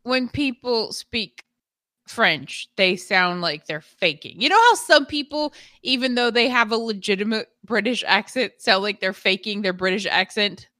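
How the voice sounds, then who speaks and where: A woman's voice: mid-range voice, a little slow, bright, forceful tone, no room sound, clean studio sound. A woman co-hosting a stream, chatting casually in a playful, teasing way. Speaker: streamer co-host. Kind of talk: casual chat.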